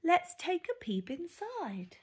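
Woman putting on squealing excited aliens. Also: very high-pitched, takes it slowly, pitched above the performer's own voice, full character voice. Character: excitable little pants-mad aliens.

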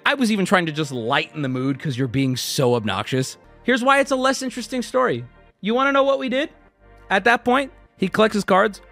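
A man in his thirties casually telling a swear-filled story, acting out what people said. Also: high-pitched. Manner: animated, swears often, acts out quotes.

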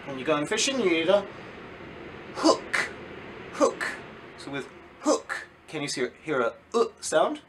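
A man teaching a children's phonics lesson, sounding out letters slowly and clearly, and asking and answering his own questions. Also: fairly high pitch, very animated, fairly bright tone, a little hiss or hum.

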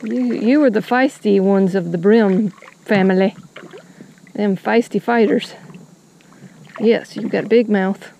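A chatty woman narrates while fishing from a kayak outdoors. She talks to the fish and her viewers with folksy phrases. Wind and water noise sit clearly behind her voice. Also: mid-range voice, unhurried, long pauses, dark tone, low-quality recording. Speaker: fishing vlogger.

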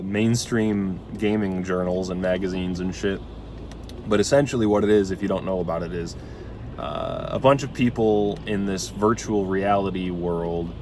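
A man's voice: sits low, a little mellow. A man hosting his own video, rambling through his thoughts in casual commentary, with plenty of fillers and small laughs. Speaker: video essay host. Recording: outdoor traffic noise. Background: passing cars.

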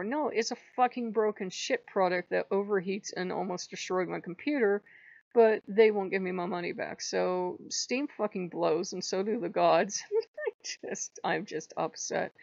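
An agitated woman rants close to the mic, her voice gravelly with fry. She is near tears, repeats herself and swears freely. The sound is dull and dry, with no room around it. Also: mid-range voice, no room sound. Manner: upset, venting, swears often, rambling with repeats. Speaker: channel host. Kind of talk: emotional personal vlog rant.

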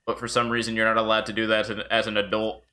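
A man's voice: fairly low pitch, monotone, racing, sharp tone. A man streaming a video game live and chatting casually, joking and swearing freely as he plays. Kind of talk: casual live gameplay commentary.

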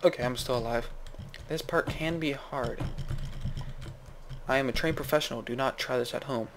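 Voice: mid-range voice, moderate pace, a bit bright, slight background noise. A gaming video host giving goofy, rambling let's-play commentary, saying "like" a lot and jumping to sudden yelps. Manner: jumps to yelps and squeals.

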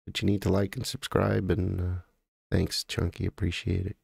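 American guy rambling on his live stream, low gravelly voice, stops and starts a lot. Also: little pitch movement, darkish tone, no echo, studio quality. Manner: rambling, halting, greets viewers by name. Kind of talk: casual live-stream chat.

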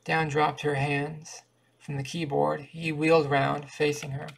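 Man, audiobook reader, flat measured delivery, gravelly voice, occasional restarts. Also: on the high side. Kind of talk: reading a short story aloud.

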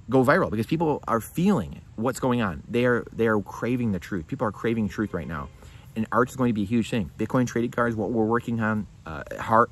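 A male vlogger speaks straight to camera at a rapid clip, hammering points home through repetition and rhetorical questions. His delivery is emphatic and urgent. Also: mid-range voice, breathy edge. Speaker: finance vlogger. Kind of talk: direct-to-camera commentary.

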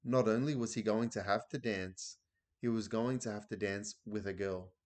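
Lowish voiced guy reading a kids book out loud, trips over words sometimes. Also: fairly even intonation, normal speed. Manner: casual reading with slips and restarts. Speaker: reader. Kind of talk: reading a children's book aloud.

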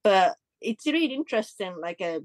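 A woman artist speaks in a casual interview, halting and restarting as she hunts for words. Her pitch leaps up lively when she gets into a story. The sound is dry and close, with no room echo. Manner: lively pitch jumps when telling stories. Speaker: artist guest.

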